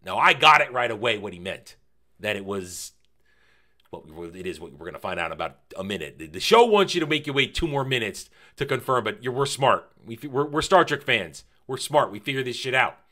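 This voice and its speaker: A man giving a casual, animated review of a TV episode, repeating phrases for emphasis and swearing now and then. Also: mid-range voice, brisk. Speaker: TV series reviewer.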